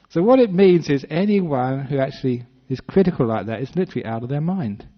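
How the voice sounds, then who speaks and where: Gentle storytelling English monk. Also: male voice, medium pitch, lively intonation, fairly quick, few pauses. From British-born, based in Western Australia. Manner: gentle humorous storytelling with acted voices. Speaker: Buddhist monk giving a dharma talk. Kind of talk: storytelling dharma talk. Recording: dull lo-fi talk recording.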